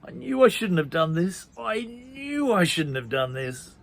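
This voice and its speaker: A man's voice: very animated, a little slow, creaky, full character voice. A man voicing a timid, fretful male pea who panics and whines, in a storybook reading. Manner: panicky, whiny, high-strung.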